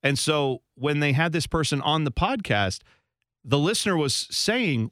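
A man's voice: a little high, expressive, fast talker, sharp tone, no room sound. A man co-hosting a radio show, telling rambling, self-deprecating stories in casual banter at a studio microphone.

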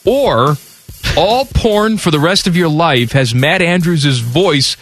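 A man co-hosting sports talk radio on a studio mic, reading listener questions and cracking jokes. His voice sits a bit high and swings around lively, with a faint music bed underneath. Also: takes it slowly. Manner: jokey, reads listener questions aloud. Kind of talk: casual radio banter.

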